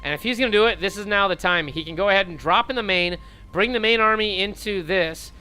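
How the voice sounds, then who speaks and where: Excitable high-voiced male game caster. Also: fast, clear, resonant tone, rough recording. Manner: jokey, rises to yelling at big fights. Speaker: esports caster. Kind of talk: excited play-by-play commentary. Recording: loud game music behind.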